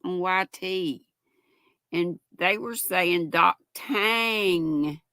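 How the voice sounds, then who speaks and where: Slow, gravelly older woman. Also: on the low side, bright, forceful tone, no echo. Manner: reads viewer comments aloud, chatty and affectionate. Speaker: host. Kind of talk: casual live-stream chat.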